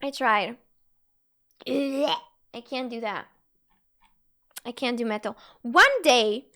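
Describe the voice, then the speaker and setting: A woman's voice: high-pitched, a little slow, long pauses, bright, forceful tone. A young woman streaming live, chatting casually with her viewers, giggling often and answering chat messages as they come in. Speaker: Twitch streamer.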